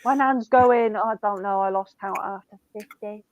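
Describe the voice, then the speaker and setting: A woman's voice: medium pitch, normal speed, dull audio. A young woman in casual chat, telling rambling family stories full of swearing and "I'm like".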